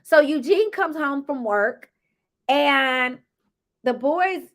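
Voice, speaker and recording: Speaking slowly in a high voice, a woman casually goes over a reality TV episode. She's chatty and sassy, animatedly performing the cast members' lines.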